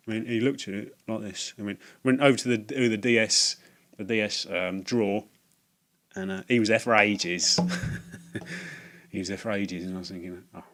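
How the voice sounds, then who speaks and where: Man, low voice, rambling halting storytelling, self-mocking, casual vlog. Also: steady tone, a bit bright. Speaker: video game collector vlogger.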